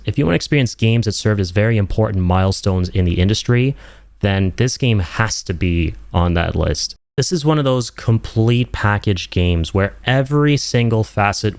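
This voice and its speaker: Enthusiastic young man, low dry voice. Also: dry recording. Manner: excitable, emphatic, casual with slang. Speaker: video game reviewer. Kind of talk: enthusiastic game review.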